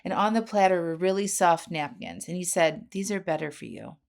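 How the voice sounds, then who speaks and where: A woman in her forties hosting a podcast, telling a personal story in an earnest, animated way with frequent asides to the listener. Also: fairly low pitch, a little fast, vocal fry. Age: 40s. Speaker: podcast host.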